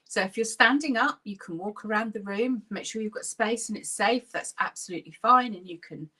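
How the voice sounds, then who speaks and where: Bright-voiced woman leading laughter yoga. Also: medium pitch, brisk, breathy edge. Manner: upbeat and encouraging, giving steady instructions. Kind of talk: guided exercise class. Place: seated while leading.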